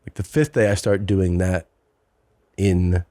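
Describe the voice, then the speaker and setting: A man's voice: sits low, steady tone, measured pace, mellow, no echo. A man hosting a podcast, telling a long story in casual chat and slipping into mocking voices. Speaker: podcast host.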